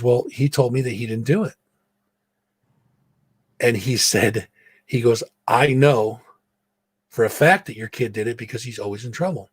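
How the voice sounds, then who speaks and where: A man's voice: mid-range voice, breathy edge, dry recording. A man hosting a podcast, casually telling a story and acting out the people in it with plenty of swearing. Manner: profane, animated storyteller, acts out quotes. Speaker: podcast host. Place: home studio. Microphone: own mic, mutes it to vape.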